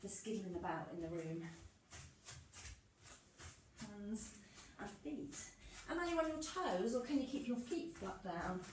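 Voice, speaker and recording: A woman instructor leads a movement class, encouraging and playful, often laughing through the moves while a little out of breath. Her medium-pitched, darkish voice has lively intonation and a measured pace. The room is echoey, the mic is far off, and there's slight background noise.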